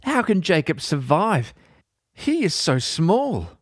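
A prophet cries out in anguish, begging for mercy in a strained, high voice, as a man reading the passage puts him on. His words come slowly and drawn out. The recording is dry and close-miked. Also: big pitch swings, dry recording, full character voice. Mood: pleading. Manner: pleading, anguished. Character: pleading male prophet crying out to God.

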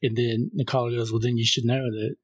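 A man co-hosting a film podcast, casually recapping a horror movie scene by scene and reading the caller's lines flatly. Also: medium pitch, a little fast, husky, no room sound. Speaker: podcast co-host.

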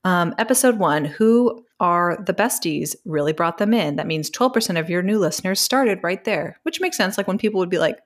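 A woman's voice: fairly low pitch, lively intonation, fairly quick, few pauses. A young woman co-hosting a podcast, chatting casually with lots of "like" and "um". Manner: chatty, filler-heavy with frequent "like" and "um". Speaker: podcast co-host. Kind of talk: casual chat.

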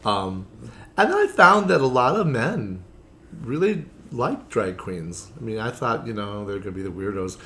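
A man's voice: fairly low pitch, lively intonation, unhurried, sharp tone. A man who performs as a drag queen, telling stories in a casual interview. He talks in a chatty, theatrical way, leans on "you know" fillers and acts out the lines of the people in his stories.

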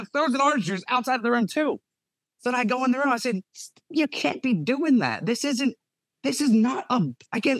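A young man, a nurse and podcast co-host, telling a profane, animated story in casual talk. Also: on the high side, no echo. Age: young adult.

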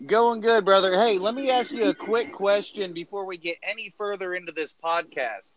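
A man's voice: high-pitched, moderate pace, muffled recording, crowd noise. Chatty podcast host man from Florida. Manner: chatty, joking. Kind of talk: casual podcast chat.

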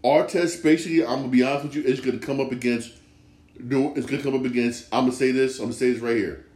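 A man's voice: mid-range voice, fairly even intonation, fast, darkish tone, reverberant. A man hosting a casual solo sports talk show, emphatic and repetitive, circling back to the same points again and again. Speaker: sports podcast host.

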